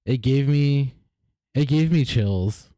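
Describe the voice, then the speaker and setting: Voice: medium pitch, takes it slowly, dark tone, dry recording, clean studio sound. A co-host chatting casually about a movie, laid-back, adding chuckling asides.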